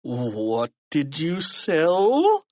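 A man voicing a grumpy middle-aged male principal with slow, shrill, drawn-out shouting. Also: wildly swooping pitch, dry recording, exaggerated voice. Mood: suspicious.

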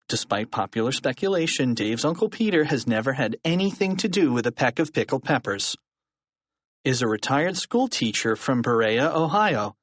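A man narrating a children's storybook in an animated reading style. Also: mid-range voice, no room sound. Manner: animated reading with lively character voices. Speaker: audiobook narrator. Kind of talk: scripted narration.

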